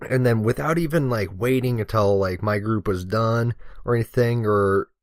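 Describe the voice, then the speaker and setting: A man's voice: on the low side, normal speed, no room sound, studio quality. Young man telling a rambling story. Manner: rambling, deadpan, joking. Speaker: guest commentator, firefighter-medic. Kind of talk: casual profane storytelling over gameplay.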